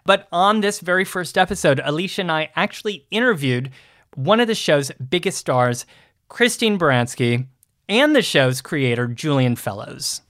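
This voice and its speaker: A man's voice: fairly high pitch, lively intonation, moderate pace, fairly bright tone, dry recording, clean studio sound. A man co-hosting a history podcast, chatting eagerly and bantering with his partner. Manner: upbeat, eager, friendly banter. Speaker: podcast co-host. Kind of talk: casual podcast chat.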